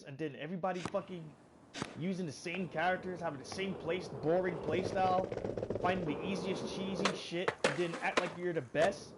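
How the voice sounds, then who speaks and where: A man in a frustrated, swearing rant as a gaming vlogger, muttering low and then bursting out loud. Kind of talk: angry rant to camera. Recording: loud background noise, vehicle sounds.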